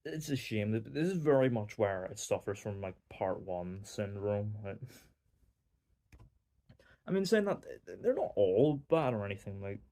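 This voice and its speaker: This young film reviewer from Northern Ireland has a fairly low, mellow voice and is very animated, though his pace is measured. His casual, meandering movie review is packed with fillers and dry asides.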